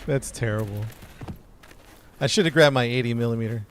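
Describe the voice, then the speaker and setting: A man's voice: mid-range voice, fairly quick, slight background noise. A man streaming a game live, commenting to his chat and venting frustration as he plays. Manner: frustrated, talks to chat while playing. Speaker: gaming streamer.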